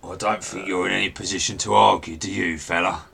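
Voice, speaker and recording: Bloke doing a cocky goblin guard, low and taunting. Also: male voice, steady tone, fairly quick, gravelly, bright, forceful tone, slight background noise, full character voice. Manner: taunting, bullying. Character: cocky male goblin guard, bossy and sneering.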